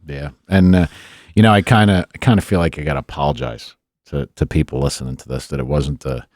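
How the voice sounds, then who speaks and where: A low-voiced man hosts a podcast in casual, plainspoken talk. His voice is dry and close, with no room around it. He keeps an easy, unhurried manner. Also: lively intonation, vocal fry, a little mellow, dry recording. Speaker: podcast host. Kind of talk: casual chat.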